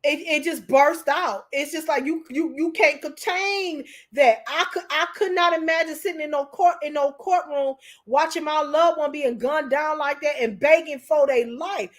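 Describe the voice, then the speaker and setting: High-voiced woman hosting a livestream. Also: moderate pace, few pauses. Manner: emotional, candid, talks straight to viewers. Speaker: YouTube show host. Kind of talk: casual commentary livestream.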